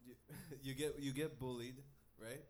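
A man's voice: medium pitch, fairly even intonation, unhurried. A man co-hosting a podcast, asking casual follow-up questions and guiding the conversation. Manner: interviewer, asks follow-up questions. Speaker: podcast co-host. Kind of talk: casual chat.

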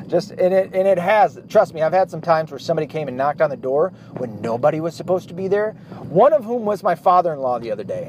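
A blunt, swearing man in his thirties rambles on about being a dad, full of "uh" and "you know." His voice sits a little high for a man. Clear traffic and street noise run behind him outdoors. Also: darkish tone. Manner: blunt, profane, rambling with many fillers. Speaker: dad vlogger. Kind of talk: casual monologue to camera.

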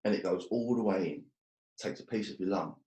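A man's voice: fairly low pitch, fairly quick, mellow, echoey room. A man telling his story as a guest, blunt and swearing often, joking about hard times. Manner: blunt, swears a lot, jokes about hardship. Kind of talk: casual storytelling.

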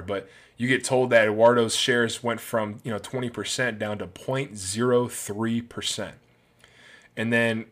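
A man talks through favorite film scenes in a loose, rambling way, full of enthusiasm. His voice sits at an ordinary, mid-range pitch for a man. It sounds like casual, unscripted movie commentary. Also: a bit bright. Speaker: film reviewer.

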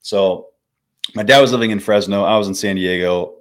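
This podcast guest is a man in his twenties telling a story in a laid-back way, swearing and calling the host dude and bro. His voice sits fairly low and moves at a normal speed.

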